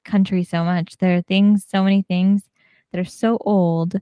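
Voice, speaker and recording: An upbeat woman co-hosting a podcast, talking freely and laughing often. Her voice has a middling pitch. The sound is dry and close-miked. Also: little pitch movement, unhurried, mellow, smooth, no room sound. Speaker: podcast co-host. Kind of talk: casual chat.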